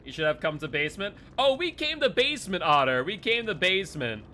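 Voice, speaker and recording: A man giving live commentary while playing a game, excitable and quick to laugh, jumping to shouts when startled. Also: sits high, slight background noise. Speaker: game streamer.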